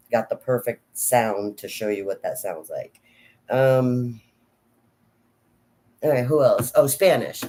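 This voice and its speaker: A woman vlogger chatting casually to camera about accents, rambling with frequent restarts. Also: a bass voice.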